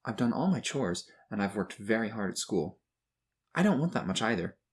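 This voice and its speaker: A man voicing a timid young boy who is tearful and hopeful, in a high, shaky child voice. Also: very animated, moderate pace, slightly rough. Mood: nervous.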